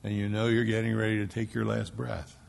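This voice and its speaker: A man from Philadelphia preaching a sermon as pastor, emphatic, dropping to a hush and rising to loud stresses. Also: fairly low pitch, monotone, brisk, vocal fry, slight background noise. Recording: long hall reverb.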